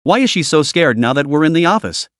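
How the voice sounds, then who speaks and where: A man's voice: on the high side, sing-song, fast talker, a bit bright, dry recording, studio quality. Angry accusing college girls, guy narrator reading them, voice jumps around a lot. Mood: indignant. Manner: accusing, protective. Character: indignant young female dorm students.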